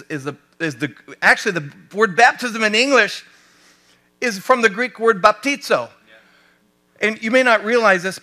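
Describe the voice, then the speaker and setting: A male pastor with an American accent preaching a sermon, animated and asking his congregation rhetorical questions. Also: sits high.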